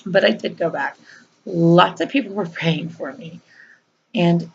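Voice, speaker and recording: A woman's voice: lowish voice, measured pace, vocal fry, husky, dull audio. A woman vlogger, earnestly telling a personal story in a conversational way with fillers and repeats.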